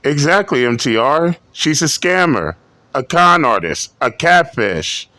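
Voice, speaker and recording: A man hosting reaction commentary in a blunt, mocking, deliberate way. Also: fairly high pitch, very animated, pushed and bright, dry recording. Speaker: commentary host.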